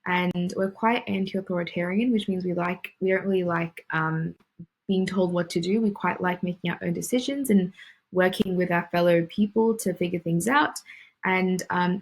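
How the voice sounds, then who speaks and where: A woman's voice: fairly low pitch, slightly rough, rough recording. A young woman from Australia with a general Australian accent, tutoring in a casual explainer style with frequent ums and restarts. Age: young adult. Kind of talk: educational explainer.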